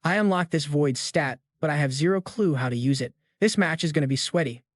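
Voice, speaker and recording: A man's voice: fairly high pitch, fairly quick, dry recording, studio quality, natural voice. A man voicing a young male hero who talks in a laid-back, slangy way. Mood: worried.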